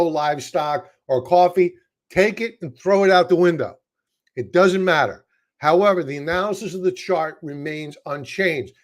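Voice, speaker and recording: A man with a Brooklyn accent giving casual, chatty stock market commentary, joking at his own expense. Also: sits high. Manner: chatty, self-deprecating, wordy restarts. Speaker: market analyst.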